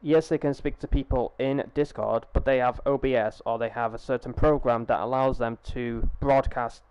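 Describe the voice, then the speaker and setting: A man's voice: medium pitch, fairly even intonation, normal speed, a little mellow, dull audio, slight background noise. A young man chatting casually on a live gaming stream through a headset, rambling, swearing freely and restarting his sentences.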